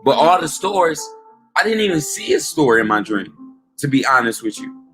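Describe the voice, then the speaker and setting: A man gives an informal, emphatic street-style sermon with a slightly high voice. He drives each point home with repeated asides and questions. Soft music plays faintly underneath. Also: very animated, moderate pace. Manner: emphatic, peppers talk with "man" and "okay?". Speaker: preacher.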